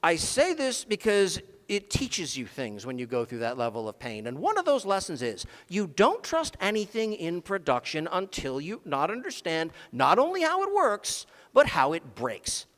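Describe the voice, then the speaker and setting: Male speaker on a conference stage, dry sarcastic wit, very animated delivery, reverberant hall sound. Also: sits high, normal speed, few pauses. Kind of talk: comedic technical talk. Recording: long reverb of a large hall.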